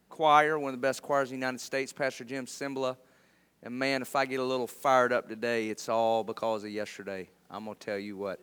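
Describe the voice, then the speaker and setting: Fervent, bright-voiced preacher man. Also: medium pitch, clean tone, in a large hall. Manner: fervent preaching, swelling loud on key words; folksy storytelling. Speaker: pastor. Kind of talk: sermon. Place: church sanctuary.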